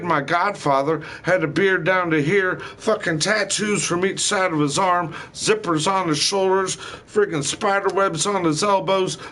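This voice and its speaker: A man in a heated, rambling rant, cursing constantly and firing accusations one after another. His voice sits a little higher than most men's. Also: a bit bright. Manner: heated, profane, accusatory ranting. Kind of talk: rambling angry monologue.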